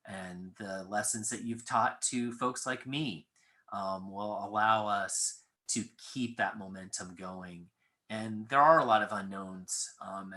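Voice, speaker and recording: A man, a college president, giving an earnest, measured tribute speech to a retiring colleague. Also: on the low side, pushed and bright. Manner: earnest, measured, with frequent fillers.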